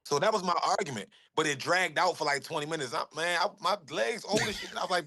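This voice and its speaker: A man who is a guest on a casual interview, telling stories in animated street slang. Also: a little high, fast, hardly any pauses.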